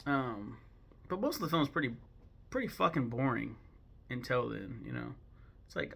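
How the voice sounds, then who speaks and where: Young American guy, gravelly, mid-pitched, blunt and sweary, casually ranting about movies. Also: animated, normal speed, pauses often, fairly bright tone. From United States. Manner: blunt, profane and rambling, with bursts of mock outrage. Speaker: host ranking films. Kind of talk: casual opinion talk.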